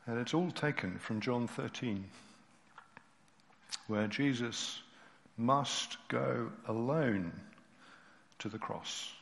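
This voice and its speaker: Expressive preacher in an echoing church. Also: male voice, medium pitch. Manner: expressive, dropping to near-whispers at moving moments. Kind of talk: sermon with read story. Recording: reverberant hall.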